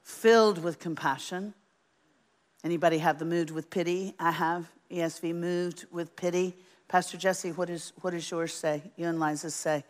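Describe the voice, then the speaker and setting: Lady preaching, kinda low voice, lively and folksy. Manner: animated, folksy, asks the audience. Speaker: Bible teacher. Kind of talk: sermon.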